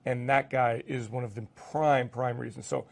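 A man hosting a sports talk show, brisk and wry, stretching words out for emphasis. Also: medium pitch, fairly even intonation, creaky. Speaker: show host.

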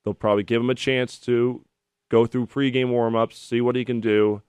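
Between callers on his sports call-in radio show, a man in his thirties chats and tells stories, animated whenever an anecdote comes up. He speaks at a moderate pace with a medium pitch and clean tone, recorded dry on a studio microphone.

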